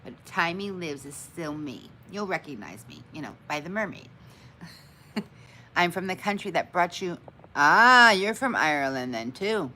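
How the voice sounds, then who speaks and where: A woman hosting a casual livestream speaks in a lowish, sharp voice with animated delivery at a measured pace, on a rough recording. She chats with viewers, greets them by name, and often laughs at her own forgetfulness.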